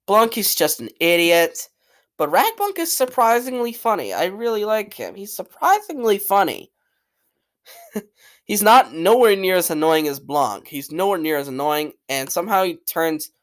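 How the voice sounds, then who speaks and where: A man's voice: high-pitched, very animated, measured pace, long pauses, fairly bright tone. A man giving casual, opinionated commentary as a channel host, blunt and rambling, swearing freely and repeating himself. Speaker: channel host ranking cartoon characters.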